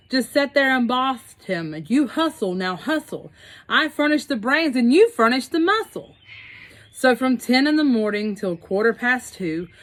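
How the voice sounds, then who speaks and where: A woman reads a rhyming picture book aloud with a steady, bouncing rhythm. She drops in casual asides between verses. Her voice sits a little high. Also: rough recording. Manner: rhythmic reading with chatty asides. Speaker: storyteller.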